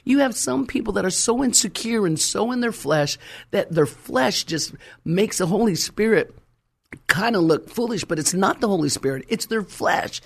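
A man's voice: high voice, lively intonation, normal speed, creaky. A man preaching a fervent sermon, emphatic and calling out to his congregation.

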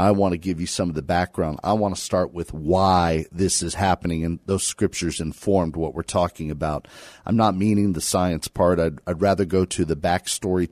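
A man's voice: sits low, darkish tone, no room sound, clean studio sound. A man leading a Bible study, reading scripture aloud with emphatic quotes and then explaining it plainly.

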